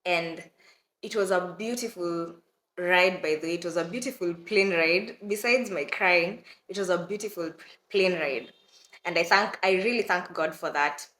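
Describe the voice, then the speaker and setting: A young woman from Kenya telling a story to her viewers in a lively, dramatic way, often breaking into laughter. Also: on the low side, moderate pace, roomy sound. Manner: animated, dramatic retelling with laughter and mock crying. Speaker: vlogger. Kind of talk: casual storytelling to camera.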